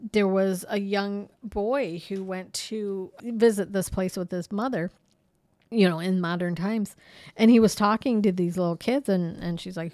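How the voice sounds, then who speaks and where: Woman podcast co-host, casual and animated storyteller, mid-pitched, dry sound. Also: no room sound. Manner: chatty, lots of "you know" and "um"; animated, laughs easily. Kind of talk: casual storytelling about hauntings.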